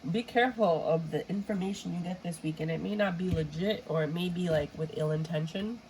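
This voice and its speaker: A woman's voice: on the low side, brisk, a little mellow, a little hiss or hum, rough recording. A woman giving a casual, rambling tarot reading with a stuffy, runny nose, sometimes throwing in Spanish exclamations. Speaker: tarot reader.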